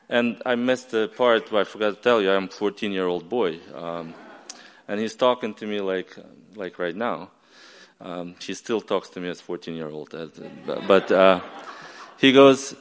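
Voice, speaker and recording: A man's voice: lowish voice, moderate pace, fairly bright tone, smooth, big-room sound. A man from West Ukraine with a Ukrainian accent, telling a personal story on stage to an audience and acting out the dialogue.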